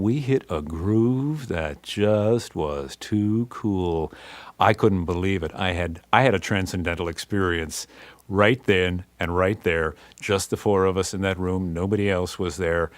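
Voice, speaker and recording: A man's voice: low-pitched, a little slow, no echo. A man recalling his band's early days in casual, slangy spoken-word storytelling, acting out voices and sounds as he goes.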